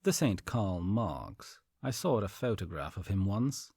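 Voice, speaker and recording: A man voicing an easygoing small-town shopkeeper who talks plainly, in a deep, husky voice. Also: sing-song, measured pace, a little mellow, no room sound, clean studio sound, heavily acted.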